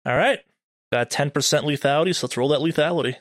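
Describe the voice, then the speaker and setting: A man running a horror tabletop game as game master, narrating monsters in a deliberate, vivid way with quick rules asides. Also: a little high, dry recording.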